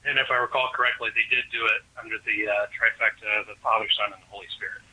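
Young guy calling in over the phone, super bright and a bit husky, kinda hesitant. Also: lowish voice, steady tone, fast. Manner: casual, wry, hesitant. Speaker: caller. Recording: thin phone line.

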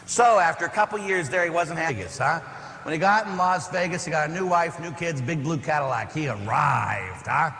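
Priest telling stories in a hall. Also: male voice, fairly high pitch, brisk, sharp tone. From Pittsburgh area. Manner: conversational storytelling with asides and rhetorical questions. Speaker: parish priest. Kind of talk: homily. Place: church. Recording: echoey church hall, faint ambience.

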